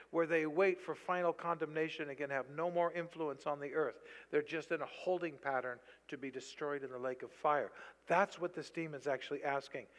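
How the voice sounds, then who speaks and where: High, bright-voiced male preacher in a hall. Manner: animated, rising to loud bursts when quoting. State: tired. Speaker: pastor. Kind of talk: sermon. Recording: long reverb of a large hall.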